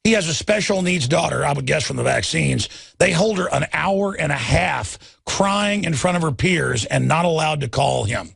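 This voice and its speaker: A male radio host ranting angrily and emphatically, sometimes shouting, with a gravelly voice. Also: on the high side, expressive, normal speed, dry recording, clean studio sound. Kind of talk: talk radio rant.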